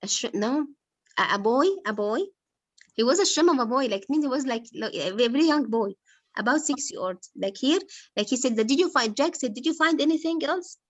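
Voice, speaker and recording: A woman's voice: a little high, animated, normal speed, no echo. A woman teaching English literature, explaining a novel to her class patiently and quizzing her pupils, with lots of "like" as filler.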